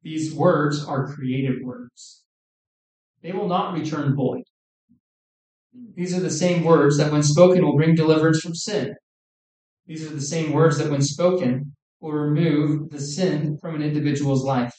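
Male preacher, earnest sermon delivery, slightly high voice, far off in an echoey hall. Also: fairly even intonation, darkish tone. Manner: earnest, measured, quoting scripture. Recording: echoey room, distant mic.

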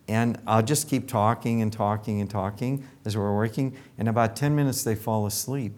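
An older man with a lowish voice tells stories from his dental practice in a relaxed, chatty way. He slips into other people's lines as he acts out quotes. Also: moderate pace. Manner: animated anecdotes with acted quotes. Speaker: dentist. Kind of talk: casual storytelling.

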